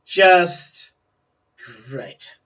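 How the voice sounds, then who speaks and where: A man's voice: sits high, lively intonation, drawn-out words, a bit bright, recorded from a distance, pitched above the performer's own voice, heavily acted, poor audio. A man voicing a defiant young female gnome merchant who talks back indignantly. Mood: wry. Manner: indignant and snappy.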